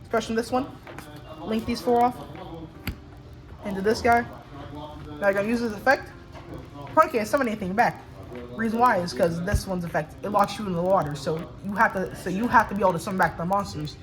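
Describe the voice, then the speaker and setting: A woman's voice: medium pitch, music in the background, rough recording. Woman walking through a card deck. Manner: halting, with restarts and fillers. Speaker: tournament winner showing her deck. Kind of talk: casual card game deck walkthrough.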